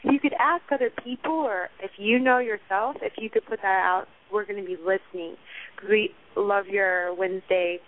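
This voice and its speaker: A woman's voice: medium pitch, normal speed. A woman caller leaving a cheeky voicemail question for a radio show. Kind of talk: voicemail message. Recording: tinny phone line.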